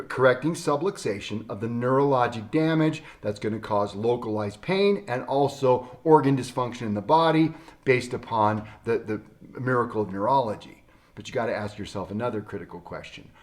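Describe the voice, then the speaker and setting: A man who works as a chiropractor speaks straight to camera in a casual, folksy way. He tells a story with emphatic turns and keeps an easy, conversational pace. His voice sits at an ordinary middle pitch.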